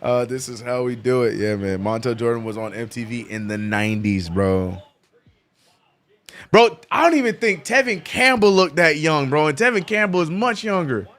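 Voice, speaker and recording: A man hosting a live sports watch-along, chatting casually and excitably with lots of slang and repeated "bro". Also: mid-range voice, moderate pace. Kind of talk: casual live-stream chat.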